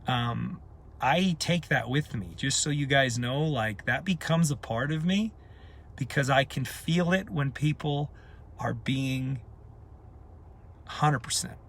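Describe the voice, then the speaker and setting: A man's voice: mid-range voice, slow pace, fairly bright tone, slight background noise. A man leading a community, talking in an unscripted live video, emphatic and passionate, hammering points home by repeating them. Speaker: community leader.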